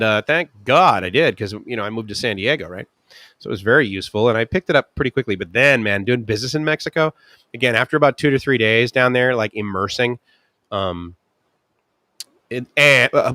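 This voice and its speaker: A middle-aged man hosting a casual live stream, rambling through stories with quick asides and acted-out voices. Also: lowish voice, sharp tone, no echo, studio quality. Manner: chatty storyteller, quick asides and laughs, acts out voices. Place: ocean-view bungalow.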